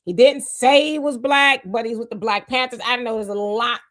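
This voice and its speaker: A woman hosting a casual live stream, greeting viewers by name, reading their comments aloud and musing on them in a loose, unhurried way. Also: fairly high pitch, a bit bright. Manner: loose, musing, often trails off with "I don't know". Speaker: livestream host.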